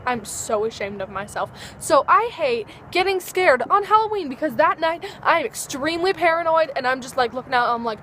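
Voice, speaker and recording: A woman's voice: sits high, animated, fairly quick, few pauses, a bit bright, slight background noise. A teenage girl vlogging outdoors at dusk, chatting in a bubbly, rambling way and acting out little dialogues. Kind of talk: casual chat to camera.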